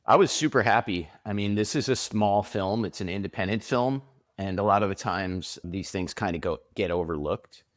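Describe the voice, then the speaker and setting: A man's voice: lowish voice, normal speed, no room sound, studio quality. A man who designs prosthetic makeup, chatting casually in an interview and telling stories with acted-out quotes. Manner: animated storyteller, acts out quotes.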